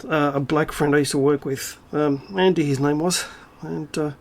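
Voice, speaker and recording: A man's voice: on the high side, steady tone, normal speed. A man giving a profane, sarcastic, indignant monologue to camera, full of rhetorical asides and "um"s. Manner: rhetorical asides and frequent fillers. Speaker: video creator.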